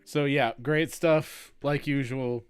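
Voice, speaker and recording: A man's voice: medium pitch, steady tone, slow pace, clear, resonant tone, faint music behind. A man moderating a casual writers' chat, giving loose, encouraging feedback full of fillers. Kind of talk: casual group chat about writing.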